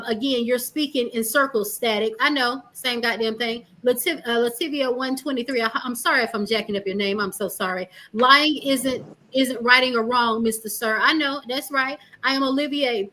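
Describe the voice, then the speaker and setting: A high-pitched woman with a bright, forceful voice hosts a live talk stream. She reads viewers' comments aloud and answers them bluntly, swearing freely. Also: low-quality recording. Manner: blunt, profane, sassy. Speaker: livestream host.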